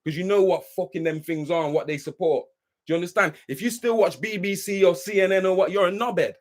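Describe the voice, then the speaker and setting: A man's voice: high-pitched, quick pace. A man ranting heatedly and profanely on a live stream, worked up and preachy, who keeps asking if you understand. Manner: says he is worked up. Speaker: livestream host.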